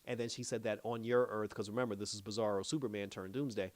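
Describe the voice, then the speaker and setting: A man's voice: fairly low pitch, steady tone, fast talker, no room sound. Casual man recapping a TV episode. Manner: retells scenes with lots of "she was like" quotes, chuckles often. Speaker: show reviewer.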